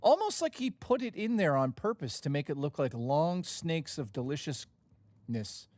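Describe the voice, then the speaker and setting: A man riffing on his live stream with a slightly high, bouncy pitch that swings up and down a lot. He jokes and curses freely in an easy, casual way. The sound is dry and close. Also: a little slow, dry recording. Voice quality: animated, profane, joking.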